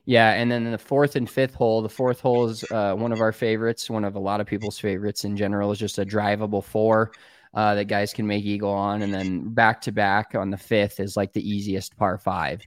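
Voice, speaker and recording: A man with a lowish voice talks through golf details in a rambling way, pausing on ums and uhs. The sound is dry and close. It is relaxed podcast chat. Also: no room sound. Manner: rambling, hesitant, lots of ums. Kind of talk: casual chat.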